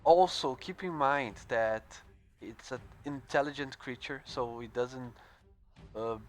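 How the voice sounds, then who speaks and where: A man at a middle pitch running a tabletop game as game master. He talks in an easygoing way, laughs often and fills his pauses with uh. Faint music plays behind him.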